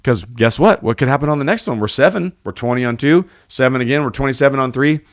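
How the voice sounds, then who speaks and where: Gravelly man telling a rowdy story. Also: medium pitch, quick pace, no room sound, studio quality. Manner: animated, acts out quoted dialogue, swears freely. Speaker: podcast guest, team roper. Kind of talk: casual storytelling.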